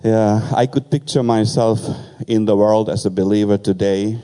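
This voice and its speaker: An older man with a foreign accent, sharing a personal testimony with humor as a guest speaker at a church, in a halting storytelling way with many fillers. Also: on the low side, steady tone, warm tone. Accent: foreign accent in English.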